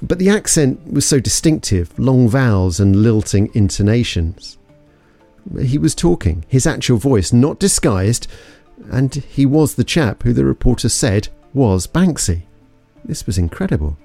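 A man's voice: medium pitch, sing-song, a little slow, gravelly, warm tone, dry recording, faint music behind. A man from London narrating an investigative story in a suspenseful, scripted way. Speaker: podcast narrator.

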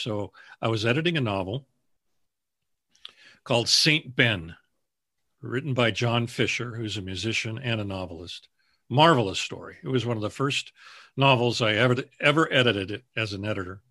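Man, book editor, interview guest, earnest storyteller, bright tone, dry room. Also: on the low side, normal speed, no echo. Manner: earnest, storytelling, acts out the people he quotes. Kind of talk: interview answers, telling anecdotes.

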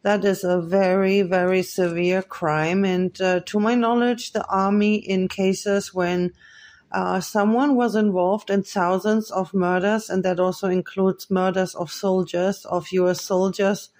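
A podcast host talking alone into the mic in a solo monologue. The voice sits in an ordinary middle pitch. The delivery is earnest and accusing, broken up by hesitant fillers. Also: flat delivery, unhurried, darkish tone.

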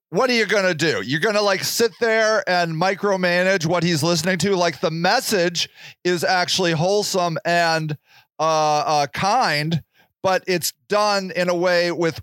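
A man's voice: sits high, expressive, unhurried, fairly bright tone, no room sound, clean studio sound. A man in his forties hosting a solo podcast, rambling and joking in casual talk and swearing freely. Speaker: podcast host.

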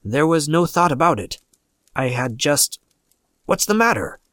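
A man reading the part of an older father, insistent at first, then hushed and dazed. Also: medium pitch, expressive, measured pace, no echo, clean studio sound, lightly acted. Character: stubborn old father, later dazed with grief.

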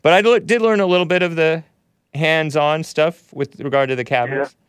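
A man hosting a call-in show, chatting casually, laughing often and jumping up in pitch now and then. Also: steady tone, brisk, smooth, dry recording, studio quality.

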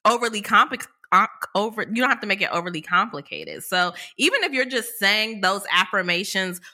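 A woman co-hosting a faith podcast, guiding the talk with questions and warmly agreeing. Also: mid-range voice, animated, brisk. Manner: affirming, guides the talk with questions, many small agreements. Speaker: podcast co-host.

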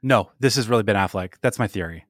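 A man's voice: lowish voice, fast talker, no echo, clean studio sound. A man co-hosting a casual podcast, leading the segments and bantering playfully with his co-host.

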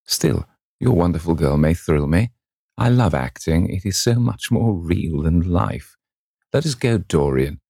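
A man's voice: sits low, animated, a little slow, vocal fry, dark tone, slightly rough, dry recording, studio quality, heavily acted. A man voicing a worldly, cynical aristocrat in a storybook reading, with a languid, drawling manner. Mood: teasing.

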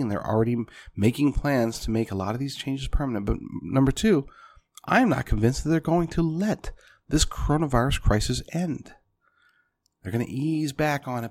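A man's voice: mid-range voice, darkish tone. Emphatic male political commentator. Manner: emphatic, punchy, addresses listeners as folks.

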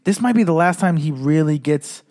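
A man's voice: a little high, lively intonation, normal speed, darkish tone. A man co-hosting a casual sports podcast, rambling and swearing, with many restarts, after some drinking. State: been drinking. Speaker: podcast co-host.

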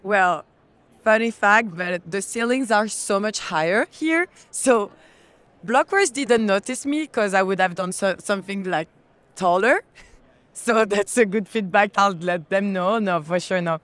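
A woman with a strong French accent speaks English as a second language, her voice smooth and clear. She talks in a chatty, halting way with plenty of fillers and restarts. She is recorded on a handheld mic at a conference expo hall. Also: mid-range voice, fairly bright tone. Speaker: guest, brand representative. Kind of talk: casual conference interview.

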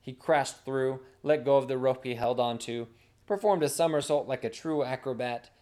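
A man's voice: mid-range voice, normal speed, darkish tone. A man narrating a comic fantasy story in a wry, dramatic storytelling manner.

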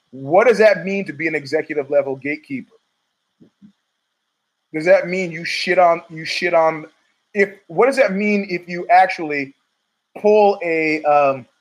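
In a rough recording, a middle-aged man with a fairly high voice hosts a podcast. He rambles through a profane, opinionated monologue, restarting himself again and again.

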